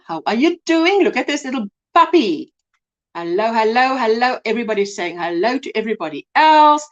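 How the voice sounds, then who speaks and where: Lively high-voiced South African woman host. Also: muffled recording. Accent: South African English. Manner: warm, greets viewers by name, says "hey?" and "my sweetheart". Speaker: crochet livestream host. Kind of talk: casual live chat reading comments.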